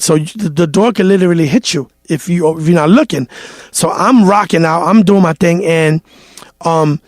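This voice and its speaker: Animated New man, high voice. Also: no room sound, studio quality. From New York. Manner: animated storyteller, acts out quotes, swears freely. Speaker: DJ guest. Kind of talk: casual interview storytelling.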